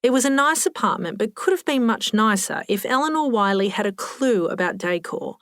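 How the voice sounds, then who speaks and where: A woman's voice: mid-range voice, expressive, moderate pace, a bit bright, no echo, studio quality. A woman narrating a novel with a wry storytelling delivery. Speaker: audiobook narrator. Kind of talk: scripted narration.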